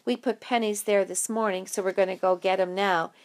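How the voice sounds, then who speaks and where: A woman's voice: medium pitch, steady tone, fairly quick, darkish tone, lightly acted. A woman voicing a joking, cocky boy who likes to show off. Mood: breezy.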